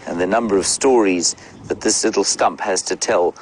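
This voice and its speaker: A man's voice: low-pitched, normal speed, slight background noise, rough recording. A middle-aged man working as a safari guide, chatting live outdoors in a wry, wordy way and answering viewer questions. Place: outdoors in the bush beside a safari vehicle.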